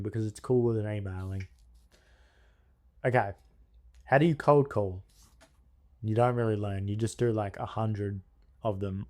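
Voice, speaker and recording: A man's voice: on the low side, a little mellow. A young man giving a casual how-to lesson on business, blunt and crude with a joking edge. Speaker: business coach.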